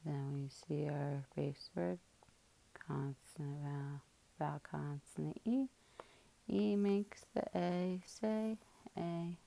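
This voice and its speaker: A woman teacher walks through spelling words at a very slow, deliberate pace. Her voice is low, dark and heavily gravelly. She sounds out each word piece by piece with patient care. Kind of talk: spelling lesson, reading out word parts.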